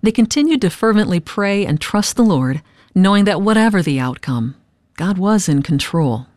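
A woman narrating a documentary from a script, with a measured, earnest delivery. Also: medium pitch, expressive, darkish tone, no room sound, studio quality.

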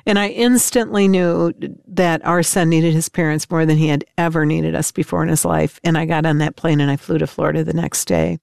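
A woman's voice: deep voice, fairly even intonation, brisk, vocal fry, hardly any pauses, a little mellow, no echo, clean studio sound. An older woman giving an emotional personal testimony as an interviewed mother, telling her story in an intense, tearful way.

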